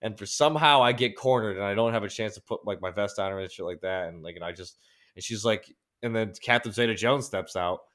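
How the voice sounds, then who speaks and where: A man's voice: fairly low pitch, fast talker, a bit bright. A man co-hosting a podcast, telling a long story in a rambling, profanity-heavy way. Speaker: podcast co-host. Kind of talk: casual chat.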